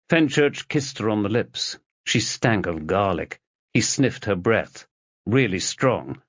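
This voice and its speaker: A man narrating an audiobook in a measured storytelling manner, in a dull lo-fi recording. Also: lowish voice, lively intonation, dry recording. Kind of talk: scripted narration.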